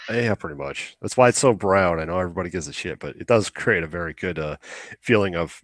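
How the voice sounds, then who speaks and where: A man's voice: low voice, animated, fast talker, a bit bright, no room sound. A man co-hosting a podcast in casual chat, rambling and swearing casually as he acts out quotes. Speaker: podcast co-host.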